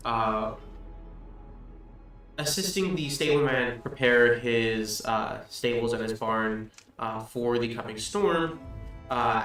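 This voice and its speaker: A man running a tabletop game, narrating in a loose, relaxed way full of small pauses. He sounds set back from the mic in a strongly echoing room. Light music plays behind him. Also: mid-range voice. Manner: relaxed, filler-heavy narration. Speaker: game master. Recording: echoey room, distant mic, faint music.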